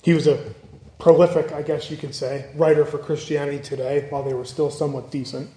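A man's voice: a little high, flat delivery, fairly quick, mellow. A man preaching a sermon in an earnest way, now and then acting out the people he quotes. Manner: earnest, acts out quoted voices. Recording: echoey room.

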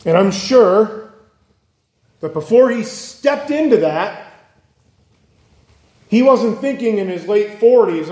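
Earnest high-voiced man preaching, echoey room. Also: expressive, takes it slowly, pauses often, a little mellow. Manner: earnest, acts out quoted voices. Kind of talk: sermon.

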